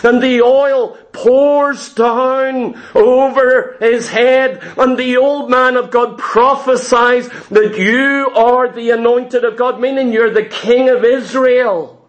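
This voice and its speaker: A man's voice: extremely high pitch, fairly even intonation, takes it slowly, few pauses. A man preaching a sermon to a congregation, with an emphatic, repetitive cadence.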